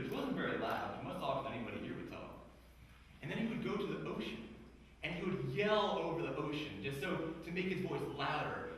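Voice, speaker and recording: A man giving a lively career day speech to schoolchildren, telling a story and quizzing them. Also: a little high, slight background noise. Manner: animated storyteller, quizzing the kids. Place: school hall. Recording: echoey hall, mic far off.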